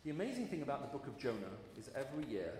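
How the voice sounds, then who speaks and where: A man's voice: mid-range voice, big pitch swings, racing, darkish tone, slight background noise. Man preaching in an echoey hall. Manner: earnest, storytelling with emphatic rises. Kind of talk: sermon. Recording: echoey hall with long reverb.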